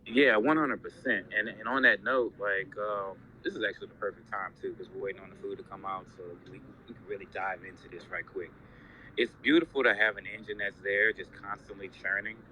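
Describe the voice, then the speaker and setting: A man's voice: on the low side, fairly even intonation, fairly quick, sharp tone. A man dropping into a casual online audio chat with upbeat, hype-filled encouragement from a noisy restaurant. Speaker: listener joining the chat.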